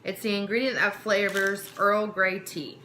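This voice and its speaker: Casting: a bright, clear-toned woman snack vlogger who reads product blurbs aloud and trips over words. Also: mid-range voice, fairly even intonation, a little slow, slight background noise. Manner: stumbles over words while reading, talks with mouth full. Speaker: vlogger reviewing a snack box. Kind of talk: casual chat, reading card text aloud.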